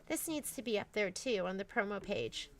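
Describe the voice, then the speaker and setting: A woman's voice: medium pitch, animated, moderate pace, dry recording. A woman hosting a casual store livestream, chatting in a rambling way with lots of fillers and restarts.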